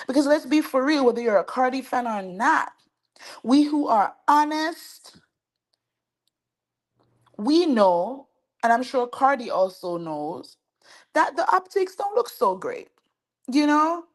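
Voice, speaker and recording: A woman hosting a celebrity gossip show, giving chatty, animated commentary and talking straight to her viewers. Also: high-pitched, takes it slowly. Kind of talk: casual commentary to camera.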